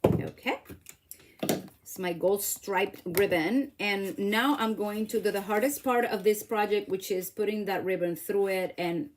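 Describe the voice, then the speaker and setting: A middle-aged woman with a medium-pitched, unhurried voice hosts a casual crafting demo from her home, with slight background noise. As the craft channel host works, she chats with viewers and laughs at herself.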